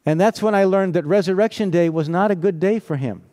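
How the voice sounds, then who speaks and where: A man's voice: high voice, a little fast, mellow. A man preaching a sermon in a conversational, storytelling way, often asking rhetorical questions and laughing.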